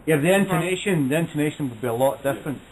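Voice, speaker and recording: A man co-hosting a casual radio chat, joking and quick to agree. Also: a little high, animated, poor audio. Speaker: co-host. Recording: faint background noise.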